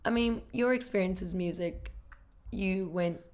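A woman's voice: mid-range voice, measured pace, a little mellow. A woman hosting a podcast, chatting casually and prodding her guest with questions. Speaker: podcast host.

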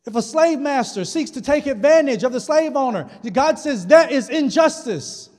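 A man's voice: extremely high pitch, lively intonation, moderate pace, a little mellow. A male pastor preaching a sermon, retelling scripture in a casual, humorous way. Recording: long hall reverb.

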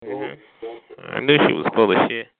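A man's voice: mid-range voice, a little slow, vocal fry, dry recording. A man taunting callers on a phone chatline with sassy, mocking, foul-mouthed banter, calling them honey and child. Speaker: chatline heckler. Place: on a phone call. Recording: noisy tinny phone line.

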